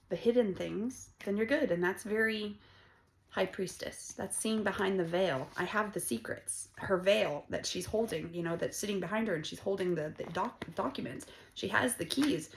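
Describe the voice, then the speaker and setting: A woman's voice: medium pitch, vocal fry, slight background noise. A woman giving a casual tarot reading, talking bluntly and profanely in a rambling, conversational way. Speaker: tarot reader.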